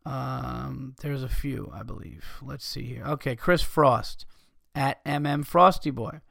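A man's voice: mid-range voice, measured pace, gravelly, fairly bright tone, dry recording, studio quality. A man hosting a podcast, reading listener messages aloud in a loose, profane, casual way and stumbling over the text.

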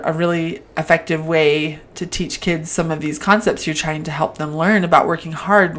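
Low-voiced woman hosting a parenting talk. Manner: conversational, reflective storytelling. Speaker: podcast host and parent. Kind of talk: casual talk.

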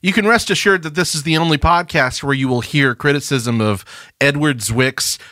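A man's voice: a little high, moderate pace, pushed and bright, no echo. A young man co-hosting a casual movie podcast, with dry, sarcastic humor. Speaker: podcast co-host.

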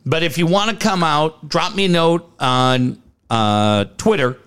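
A man's voice: on the high side, a little slow, a bit bright, clear, resonant tone. A man co-hosting a sports podcast, chatting casually in an upbeat, rambling way as he plugs upcoming shows. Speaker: podcast co-host.

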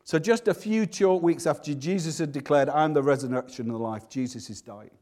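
A man preaching a sermon, swinging between loud, emphatic passages and hushed, slow ones. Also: mid-range voice.

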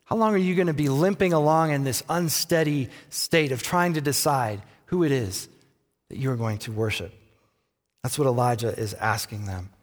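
A man preaching a sermon as a pastor, telling the story in a lively way and acting out the quoted lines with playful taunts. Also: medium pitch, normal speed, big-room sound.

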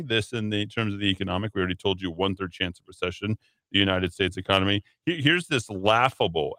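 A man's voice: lowish voice, a little fast, sharp tone, dry recording. A man hosting a talk radio show, riffing on the news with sarcastic, mocking asides into a studio mic.

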